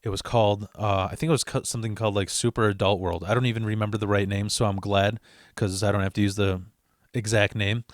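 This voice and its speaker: A young man with a low-ish voice talks fast while casually telling a personal story, swearing freely and animatedly acting out what other people said. The studio-quality recording has no echo.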